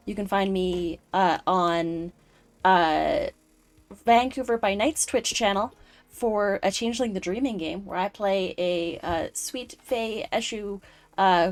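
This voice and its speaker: Rambling woman host with many fillers. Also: mid-range voice. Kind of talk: live-streamed chat show.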